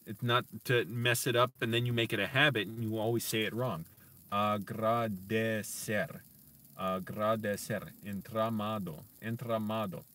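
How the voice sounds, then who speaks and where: A man teaching himself Spanish on a casual stream, slowly sounding out words and correcting himself, with chatty asides to viewers. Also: medium pitch, steady tone, bright, forceful tone, far from the mic. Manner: slow deliberate sounding-out of words, self-correcting. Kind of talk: casual live-stream language practice.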